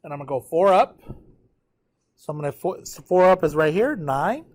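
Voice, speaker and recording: Fairly high yet darkish in tone, the man sounds animated and talks at a normal pace despite being tired. He's giving a live whiteboard math lecture, guiding students through a graph and checking in frequently.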